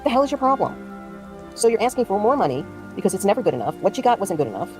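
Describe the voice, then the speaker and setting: A woman's voice: mid-range voice, sing-song, racing, a little mellow, soft background music. Heated, foul-mouthed woman streamer. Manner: heated, profane, indignant ranting. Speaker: drama commentary streamer. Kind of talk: casual livestream commentary.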